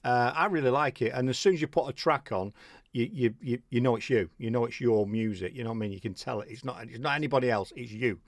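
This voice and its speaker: A man's voice: medium pitch, quick pace, no room sound, clean studio sound. A middle-aged man from Manchester with a Mancunian accent, hosting a casual interview in a chatty, rambling way with repeated words. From Manchester, England. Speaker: radio show host.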